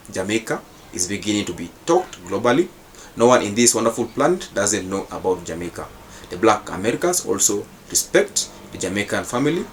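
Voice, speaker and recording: A man's voice: medium pitch, slight background noise. A man hosting his channel, giving casual reaction commentary in formal, repetitive phrasing. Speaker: channel host.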